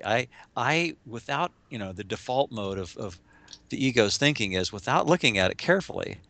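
A man with a gravelly, bright edge talks through spiritual ideas in a loose, halting way, restarting his phrases and leaning on fillers. He laughs now and then and slips into quick acted voices. The sound is close and dry. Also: medium pitch, animated, dry recording. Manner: laughs often, acts out voices in quotes. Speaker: spiritual teacher. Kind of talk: casual spiritual discussion.

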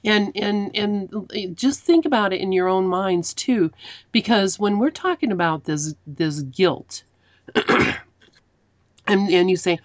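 A woman with a lowish voice speaks earnestly in a casual spiritual discussion, asking for concrete examples and thinking aloud. The sound is dry and close. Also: slow pace, dry recording.

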